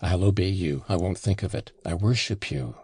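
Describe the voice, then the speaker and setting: A man's voice: low-pitched, moderate pace, a little mellow, husky, no room sound, clean studio sound. A man reading an audiobook and voicing a reckless young man, drunk and passionate, who blusters and then mutters. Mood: muttering.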